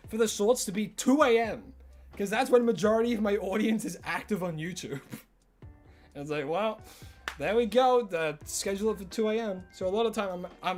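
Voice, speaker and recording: A man with an Australian accent chatting casually with viewers on a livestream, rambling and filling his talk with "like". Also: high-pitched. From Tasmania, Australia. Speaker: streamer.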